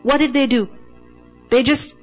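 A woman with a high voice teaches a class on the meaning of a Quranic word. She speaks with firm emphasis and keeps checking in with quick rhetorical questions. The recording sounds dull and lo-fi, with faint music behind her. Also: fairly even intonation.

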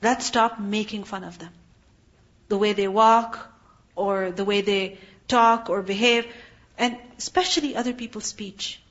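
A woman giving an earnest religious lecture, rising sharply in pitch when she stresses a point. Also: fairly even intonation, a little slow, a bit bright. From abroad, living in Canada. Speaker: Islamic teacher. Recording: dull lo-fi recording.

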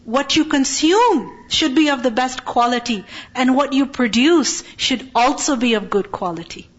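High-voiced woman teaching a religious class. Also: animated, measured pace, husky, muffled recording. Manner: asks the class questions and answers them herself. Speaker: Quran teacher.

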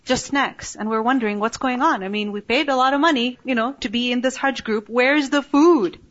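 Woman teacher explaining scripture through personal stories; slightly raised pitch, muffled lo-fi recording. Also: fairly quick, a bit bright. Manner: storytelling with rhetorical questions; recites verses in Arabic. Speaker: religious teacher. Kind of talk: Quranic lecture. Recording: dull lo-fi recording.

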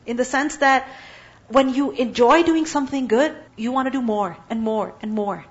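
Woman Quran teacher, high voice, lecture delivery, slightly muffled recording. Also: moderate pace. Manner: asks rhetorical questions, acts out little dialogues; recites Arabic verses. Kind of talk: religious lecture.

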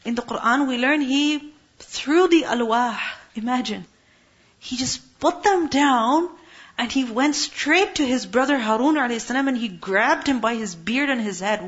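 A woman's voice: fairly high pitch, normal speed. A woman teaching a Quran lesson, explaining Arabic words and asking her listeners questions. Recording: muffled lo-fi recording.

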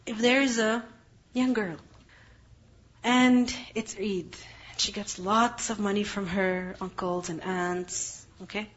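A woman's voice: mid-range voice, steady tone, takes it slowly. A woman teaching a Quran lesson, explaining Arabic terms and asking her class rhetorical questions. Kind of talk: religious lesson. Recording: dull lo-fi recording.

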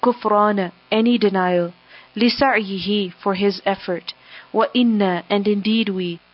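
Measured woman reciting word by word. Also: mid-range voice, fairly even intonation. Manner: measured, pausing after every word or phrase. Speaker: scripture reader and translator. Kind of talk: word-by-word recitation with English gloss. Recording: dull, dry lo-fi recording.

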